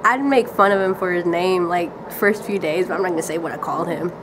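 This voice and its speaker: A woman's voice: fairly low pitch, fairly quick, noisy background. Rambling teenage girl telling a story. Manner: rambling, giggly, lots of "like". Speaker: vlogger. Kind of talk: casual storytelling.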